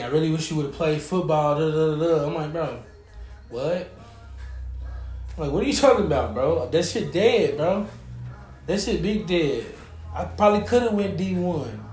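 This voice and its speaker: A man's voice: a little high, expressive, measured pace, long pauses, a little mellow, soft background music. A young man hosting a podcast, telling stories in a laid-back way with heavy slang. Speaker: podcast host. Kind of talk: casual chat. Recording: echoey room.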